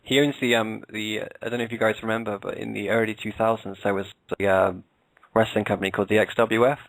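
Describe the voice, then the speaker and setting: A man's voice: fairly low pitch, little pitch movement, fast, creaky, no room sound, rough recording. A British man, a podcast co-host, chatting casually as an interview guest, hesitant with many fillers and restarts. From England.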